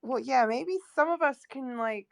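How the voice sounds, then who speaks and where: A woman's voice: sits high, normal speed, vocal fry, a little hiss or hum. A woman playing in a tabletop game, chatting casually in an upbeat, hesitant way. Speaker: player. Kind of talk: casual chat.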